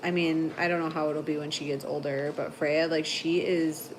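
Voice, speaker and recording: A woman hosting a casual livestream, telling long rambling stories full of "like" and quick laughs. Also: low voice, flat delivery, a little hiss or hum. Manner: chatty storyteller, heavy "like" filler, frequent laughter. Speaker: livestream host.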